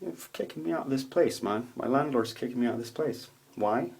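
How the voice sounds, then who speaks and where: A man in a casual, rambling video monologue, swearing a lot as he tells stories in an animated way. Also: mid-range voice, fairly quick, gravelly. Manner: profane, rambling, animated storytelling. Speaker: vlogger. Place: home room with a roommate nearby.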